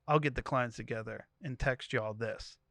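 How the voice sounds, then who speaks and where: A man voicing a smooth, commanding pimp who gives orders in a calm, laid-back way. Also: mid-range voice, normal speed, dry recording, studio quality.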